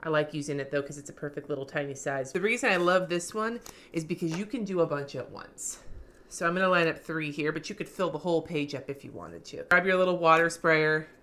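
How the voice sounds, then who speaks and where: A woman vlogger giving a casual, slangy craft tutorial, cussing freely, her voice going a little hoarse. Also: sits low, brisk, a bit bright.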